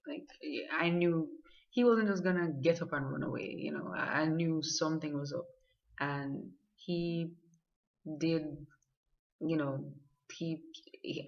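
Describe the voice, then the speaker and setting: Casual woman vlogger, chatty and filler-heavy, dull lo-fi recording. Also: low voice. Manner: chatty, lots of fillers and acted-out quotes. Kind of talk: casual chat. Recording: dull lo-fi sound.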